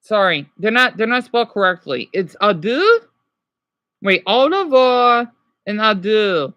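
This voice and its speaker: A man's voice: high voice, expressive, unhurried, sharp tone, dry recording, lo-fi sound. A man casually teaching French words on a livestream, rambling and correcting himself while answering chat.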